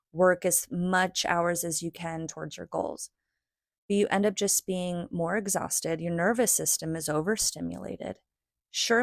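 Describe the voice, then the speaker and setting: A woman's voice: fairly low pitch, no room sound, studio quality. A woman in her thirties hosting a solo podcast, talking in an earnest, chatty way about spirituality and rest, often tagging her sentences with "right?". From United States. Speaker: podcast host. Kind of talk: reflective solo talk on spirituality.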